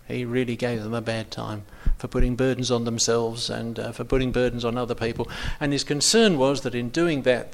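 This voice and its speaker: A man's voice: medium pitch, creaky. A man leading an informal Bible study, talking hesitantly with many ums and restarts.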